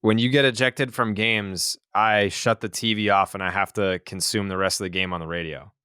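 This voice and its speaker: A man hosts a podcast in a low, smooth, resonant voice. He keeps it loose and laid-back, with short reactions and casual swearing. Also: steady tone, normal speed, pushed and bright. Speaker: podcast host.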